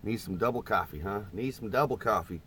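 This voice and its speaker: A middle-aged man with a somewhat low voice talks to his live-stream viewers from inside a parked camper van. He rambles in a folksy, easygoing way, with a faint low rumble of wind behind him. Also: a little fast, a bit bright. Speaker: vlogger. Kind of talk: casual live-stream chat.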